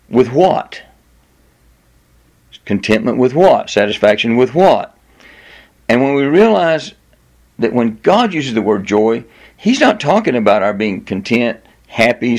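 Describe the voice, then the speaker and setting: A male pastor preaching a sermon, reading scripture aloud and leaning hard on key words, slowing down and lifting his voice for emphasis. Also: mid-range voice, vocal fry. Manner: reads scripture aloud with stress on repeated words.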